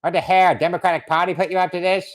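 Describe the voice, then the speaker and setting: A man's voice: sits high, little pitch movement, quick pace, pitched above the performer's own voice, close to an everyday voice. A man voicing a furious, foul-mouthed wall-builder who rants in broken English. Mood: ranting. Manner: broken English, constant swearing, ranting. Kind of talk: comic put-on voice on a livestream.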